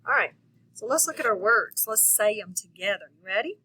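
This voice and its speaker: Woman teacher, encouraging phonics lesson voice, bright and slightly husky. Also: medium pitch, expressive, fairly quick, poor audio. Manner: patient, encouraging, checks in often. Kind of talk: phonics lesson for young children.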